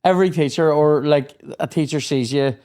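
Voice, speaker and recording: A man's voice: a little high, a little fast, clean tone. A young man, hosting a podcast and telling sweary school stories in casual chat. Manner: sweary storytelling, acts out shouted quotes. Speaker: podcast host.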